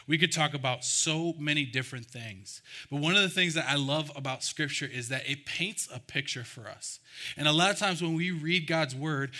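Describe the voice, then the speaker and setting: A man preaching a sermon, reading scripture slowly and speaking earnestly with deliberate pauses. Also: a little high, pushed and bright. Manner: earnest, pauses to let lines land, reads scripture slowly. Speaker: pastor.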